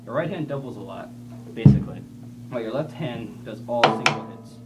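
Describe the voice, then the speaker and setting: A man giving a casual drum lesson, relaxed and rambling, often repeating himself. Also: mid-range voice, brisk, loud music behind the voice. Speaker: drum teacher. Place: room with a drum kit. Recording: distant camera mic, loud drums.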